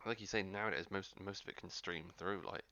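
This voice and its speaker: A man in his thirties from the UK, co-hosting a casual gaming podcast with friends, excitable and prone to loud bursts. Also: low-pitched, a little fast, lo-fi sound, a little hiss or hum. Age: 30s. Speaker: podcast co-host. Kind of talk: casual chat among friends.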